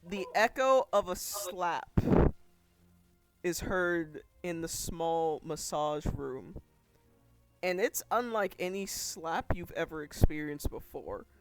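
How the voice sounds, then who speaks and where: A man's voice: high voice, animated, slow, fairly bright tone, clean tone, dry recording, faint music behind. A man narrating as game master of a tabletop role-playing game in a loose, chatty way. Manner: loose, conversational narration with fillers.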